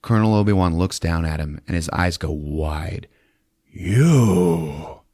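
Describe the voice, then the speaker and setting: A man hosting a podcast who recaps a movie in casual, animated speech, swearing and acting out the scenes. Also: low voice, normal speed, dry recording, studio quality. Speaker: podcast host. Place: podcast studio.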